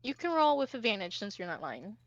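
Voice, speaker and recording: A woman's voice: medium pitch, sing-song, fairly quick, no room sound, muffled recording. A woman narrating a tabletop game as game master, casual and full of fillers. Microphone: streaming mic.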